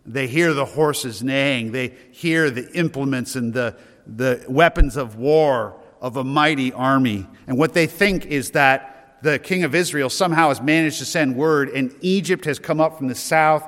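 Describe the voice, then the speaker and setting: Male pastor, mid-pitched, earnest sermon delivery, long hall reverb. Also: fairly bright tone. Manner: earnest preaching, slowing down to stress key words.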